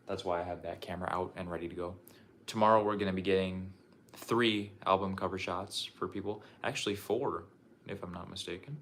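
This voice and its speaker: A man's voice: low voice, steady tone, brisk, fairly bright tone, slight background noise. A young man chatting casually on a livestream as he shows off his collection, loose and profane, restarting his sentences often. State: out of breath. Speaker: streamer showing his game collection.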